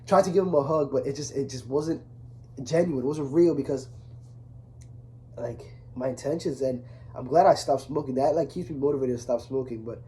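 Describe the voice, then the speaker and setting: A young man talking casually to camera, earnest and rambling, full of restarts, growing softer when he speaks of his father. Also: mid-range voice, normal speed. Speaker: vlogger. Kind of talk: casual confessional talk to camera.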